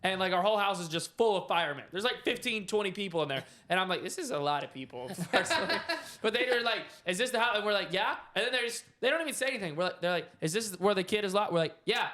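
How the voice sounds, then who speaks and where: A young man casually telling his side of a story as a podcast co-host, relaxed and chatty. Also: sits high, quick pace.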